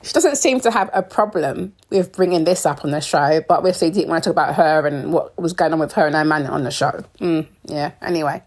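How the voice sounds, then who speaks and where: A woman's voice: low voice, fairly quick, hardly any pauses, a little mellow. A young British woman giving casual, opinionated commentary on a reality show, with sarcasm and frequent laughs. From United Kingdom. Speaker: reality TV recap host.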